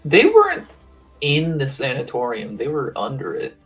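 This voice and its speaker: A man's voice: mid-range voice, huge pitch swings, normal speed, soft background music. A man taking part in a tabletop game, chatting casually and wryly in character. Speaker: player.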